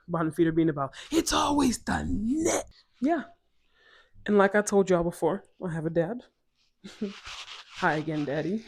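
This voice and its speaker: Animated young woman telling a story. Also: low-pitched. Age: 20s. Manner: animated, laughing often, chatty asides to viewers. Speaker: storytime vlogger. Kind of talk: casual storytelling to camera.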